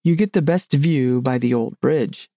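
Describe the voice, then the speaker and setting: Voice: medium pitch, a little slow, warm tone, dry recording, studio quality, close to an everyday voice. A narrator voicing a nervous old king in a storybook reading, quavering and fussy.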